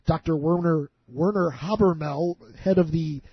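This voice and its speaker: A man's voice: on the high side, measured pace, breathy edge, no echo, highs cut off. A man hosting a radio show, reading odd news items jokily and laughing as he goes. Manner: jokey, laughs while reading.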